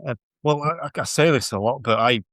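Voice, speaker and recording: A man with a Yorkshire accent hosting a podcast, relaxed and self-deprecating, laughing often as he chats. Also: medium pitch, brisk, no room sound, studio quality. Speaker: podcast host. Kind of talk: casual chat.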